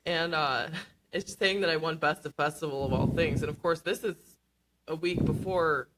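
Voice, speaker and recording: A woman guest on a radio interview, talking earnestly with many pauses and fillers. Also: low voice, heavy background noise. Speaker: award-winning student scriptwriter guest. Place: radio studio.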